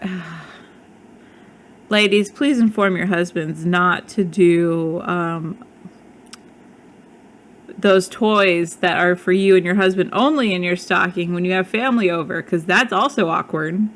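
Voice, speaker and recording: A woman's voice: lowish voice, unhurried. A woman in her thirties with a slight lisp, chatting casually as a podcast co-host and laughing often. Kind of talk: casual chat.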